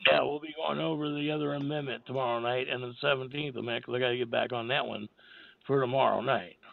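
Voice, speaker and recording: Raspy tired man on a phone line. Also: medium pitch, fairly even intonation, fast talker. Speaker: talk show host. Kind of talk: call-in radio talk.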